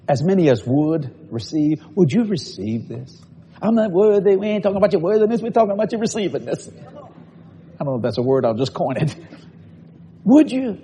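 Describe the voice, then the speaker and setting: Man preaching with a slightly high, very animated voice; folksy and quick to laugh. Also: a little hiss or hum. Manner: laughs often between phrases. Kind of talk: sermon.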